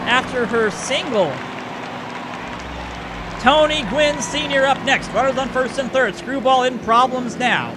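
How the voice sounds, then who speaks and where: A man giving play-by-play commentary over a baseball video game, excitable on big plays and often correcting himself. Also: very high-pitched, unhurried, background noise.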